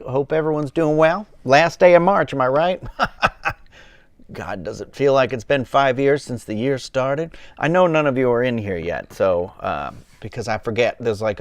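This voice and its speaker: Sipping a cocktail on camera at home, a livestream host with a loose Southern US accent chats in a rambling style packed with fillers and restarts. His voice is medium-pitched, with no room sound.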